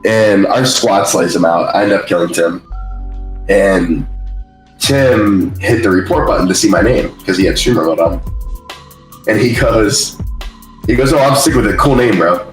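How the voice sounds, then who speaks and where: A man chats on a podcast, spinning an animated story and acting out the lines of others. His voice sits fairly low and rings in an echoey room. Faint music plays underneath. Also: a little slow, pauses often. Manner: animated storytelling, acts out quotes. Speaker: podcast guest, streamer. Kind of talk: casual interview chat.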